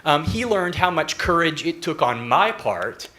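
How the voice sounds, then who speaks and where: A man's voice: fairly high pitch, sing-song, bright, forceful tone. A young man from Northeast Texas who asks a panel a question from the audience and keeps stopping with fillers. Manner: halting, many fillers. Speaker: audience member asking a question.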